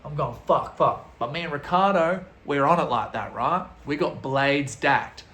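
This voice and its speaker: A young man telling an animated, slangy story full of swearing, as a vlogger. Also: on the high side, normal speed, roomy sound. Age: young adult. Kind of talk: storytelling vlog.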